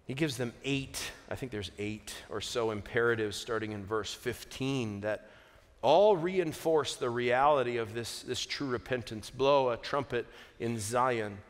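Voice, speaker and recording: Guy preaching slow in a big echoey hall, earnest, gets loud then quiet, cracks jokes. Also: medium pitch. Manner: earnest, varies from quiet to emphatic, joking asides. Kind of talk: sermon. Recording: long hall reverb.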